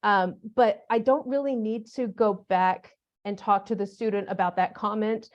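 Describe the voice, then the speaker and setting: A woman's voice: medium pitch, steady tone, normal speed, highs cut off. A woman presenting a teacher workshop in a conversational, humorous way, with practical classroom examples. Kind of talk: conference workshop talk.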